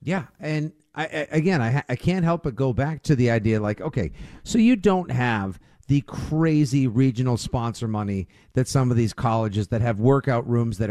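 A man's voice: mid-range voice, warm tone, no room sound, clean studio sound. A man co-hosting casual sports radio chat, sarcastic and riffing with jokes and mock quotes. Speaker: sports talk co-host.

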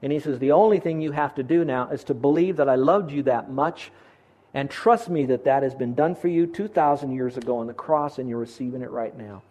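A man's voice: fairly quick, darkish tone. A man preaching a sermon as pastor of his church, earnest and conversational, lifting his voice to stress a point. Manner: earnest, rises in pitch for emphasis.

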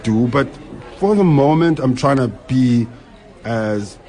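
A man's voice: medium pitch, lively intonation, mellow. Male comic, thirties, loose rambling interview talk. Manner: rambling, frequent restarts, quick laughs. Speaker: stand-up comedian, guest. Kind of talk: casual interview chat.

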